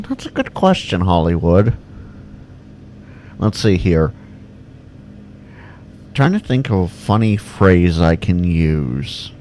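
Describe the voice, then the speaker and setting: Male stream host, casual and rambling, answers chat slowly with a lively up-and-down pitch. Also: slight background noise. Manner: rambling, reads viewer comments aloud and answers. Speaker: livestream Q&A host.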